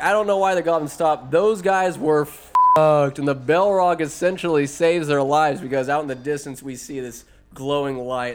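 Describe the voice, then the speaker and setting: A man's voice: mid-range voice, smooth. A man giving a casual, comedic movie recap, rambling and profane with sarcastic asides.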